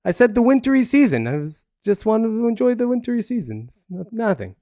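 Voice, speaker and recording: A seasonal thief speaks in a made-up mash of accents, as a man puts him on. He pitches his voice far higher and louder than a normal speaking voice. He sounds cheery and mock-innocent, and the room around him is dry and close. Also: sing-song, brisk, no echo. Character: male seasonal thief in jumbled fake accent.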